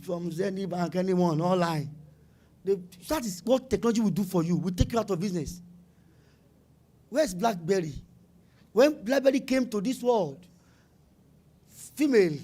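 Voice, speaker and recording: Nigerian guy, middle-aged, high voice, preaching business tips at a summit, repeats stuff for emphasis. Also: a little mellow. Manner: emphatic and repetitive, drops into pidgin phrases. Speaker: summit speaker. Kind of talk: animated conference talk.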